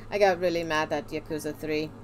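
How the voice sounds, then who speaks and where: A woman's voice: low-pitched, slight background noise. A woman streaming a game as a VTuber, chatting playfully and muttering to herself while she draws. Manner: playful, goofy, talks to herself while drawing.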